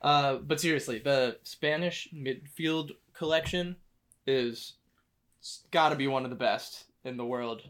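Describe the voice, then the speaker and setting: A man's voice: mid-range voice, a bit bright. A man co-hosting a sports podcast, chatting casually and joking as he runs through fixtures. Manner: joking, quick to argue and laugh. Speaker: podcast co-host.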